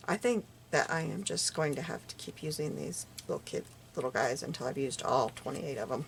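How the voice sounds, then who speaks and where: A woman's voice: very deep voice, expressive, fairly quick, vocal fry, a little hiss or hum. A woman chatting casually while she makes paper crafts, muttering little asides to herself as she works. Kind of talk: casual crafting tutorial chat.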